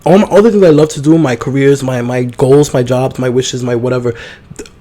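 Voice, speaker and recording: A podcast host delivers a casual solo monologue, telling rambling, profane stories in an animated way. His voice is mid-range and a little fast.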